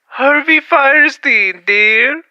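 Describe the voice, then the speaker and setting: A man putting on a sugary, high-voiced older male celebrity calling in by phone, saying "dear" a lot. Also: drawn-out words, sharp tone, highs cut off, full character voice. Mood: syrupy. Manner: sweet, calls the listener dear. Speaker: prank caller.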